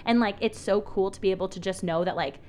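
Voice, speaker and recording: A woman's voice: mid-range voice, darkish tone, slight background noise. A young woman co-hosting a faith podcast, chatting in a bubbly way with lots of "like". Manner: bubbly, quick, full of "like". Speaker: podcast co-host. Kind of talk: casual faith podcast chat.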